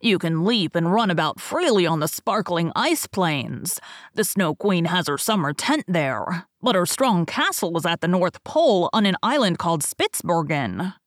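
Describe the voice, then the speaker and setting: A woman voicing a proud male reindeer in a storybook, speaking earnestly in her own low-pitched voice. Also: sing-song, normal speed, no echo, studio quality.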